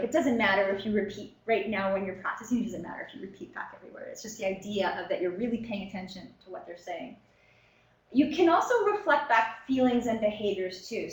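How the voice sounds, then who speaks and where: A woman teaching a professional workshop in a relaxed, conversational way, with many fillers and short acted-out exchanges. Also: mid-range voice, reverberant, poor audio. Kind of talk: lecture to a professional audience. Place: meeting room.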